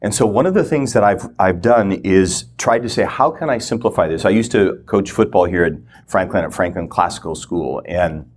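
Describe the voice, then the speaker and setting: A man's voice: low-pitched, moderate pace, hardly any pauses. A middle-aged man teaching as a guest, telling a personal story and acting out the lines he quotes. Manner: animated storyteller who acts out quoted lines.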